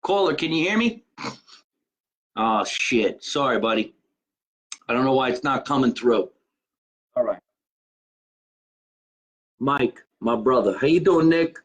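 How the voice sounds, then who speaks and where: Husky-voiced chatty male host. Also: medium pitch, expressive, a little slow, pauses often, low-quality recording. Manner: chatty, rambling, joking about being Italian. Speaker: host of his own live show. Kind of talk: casual live-stream chat. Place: his home.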